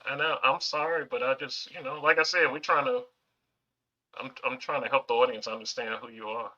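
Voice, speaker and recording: Gentle, hesitant podcast host with a bright, tense tone, on a dull lo-fi recording. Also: medium pitch, fairly even intonation, brisk. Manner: soft-spoken, hesitant, reassuring. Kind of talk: casual podcast chat. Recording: dull lo-fi sound.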